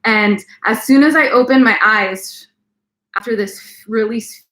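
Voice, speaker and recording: A young woman co-hosting a casual live chat, telling a personal story in an animated way, often saying "like". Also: on the high side, a little slow, reverberant. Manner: animated, breaks into laughs and shrieks while retelling. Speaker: co-host of a live stream.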